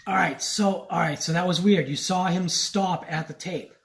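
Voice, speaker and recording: A man's voice: sits high, moderate pace. A man vlogging at a home countertop, coaxing and chatting to a little robot as if it were a pet. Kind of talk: casual vlog, talking to a toy robot.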